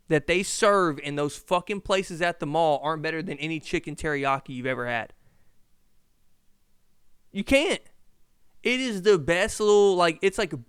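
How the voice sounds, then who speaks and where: A man hosting a casual solo podcast, telling a story in an animated, profane way. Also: on the high side, clear, resonant tone, no room sound, clean studio sound. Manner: animated, profane, shouts in reenactments. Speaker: podcast host. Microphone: podcast mic.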